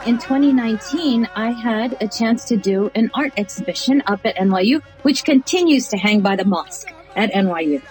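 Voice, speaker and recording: A woman guest in an interview, telling stories in a lively, animated way with frequent laughter and acted-out dialogue, with an American accent. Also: on the high side, normal speed, hardly any pauses, faint music behind, poor audio. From United States. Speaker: interview guest, artist and chaplain. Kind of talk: animated storytelling in conversation.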